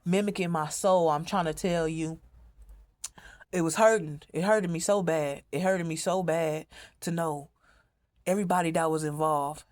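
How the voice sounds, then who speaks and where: A woman speaking in a rambling, profane monologue as a mother telling her own story, often repeating herself. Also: on the low side. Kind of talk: emotional monologue to camera.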